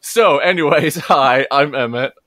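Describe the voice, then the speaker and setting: A man's voice: a little high, unhurried, pushed and bright. A man from Southern California, an artist and tabletop player, introducing himself shyly with nervous laughs. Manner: shy, flustered, laughing. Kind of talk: casual self-introduction.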